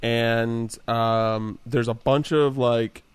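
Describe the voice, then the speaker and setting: A man recaps a game story in a relaxed podcast chat, pausing often on "uh." His voice is clear and smooth. The sound is dry and close. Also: medium pitch, no room sound. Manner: relaxed recap with many "uh" pauses. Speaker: podcast co-host.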